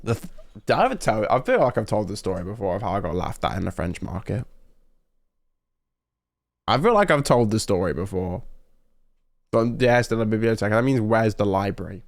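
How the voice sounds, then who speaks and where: A man's voice: fairly low pitch, very animated, fairly quick, pauses often, dry recording. A young man from the UK telling a story in casual stream chat, rambling and interrupting himself, laughing often.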